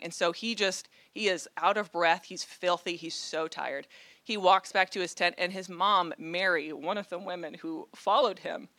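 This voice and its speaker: Bright earnest woman preaching. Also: mid-range voice, no echo. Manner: earnest, conversational, with a dry humor. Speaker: guest speaker. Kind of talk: sermon.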